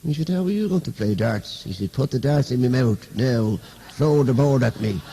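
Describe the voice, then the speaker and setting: A young Irish man, a comedian, telling stand-up jokes as rapid-fire one-liners and switching into the voices of the people in them. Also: medium pitch, animated, gravelly, noisy background. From Ireland. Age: young adult.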